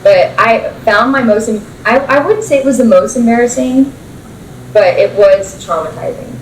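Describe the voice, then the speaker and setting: A woman's voice: fairly high pitch, normal speed, slight background noise. A young woman, a podcast guest, telling a story in blunt, profane casual chat with frequent laughs. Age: young adult. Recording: roomy sound from a distant mic.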